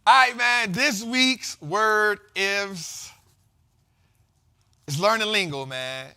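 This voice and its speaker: High, bright-voiced man talking money. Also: takes it slowly, smooth. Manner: slangy, repetitive, animated explaining. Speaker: host. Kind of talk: casual investing talk.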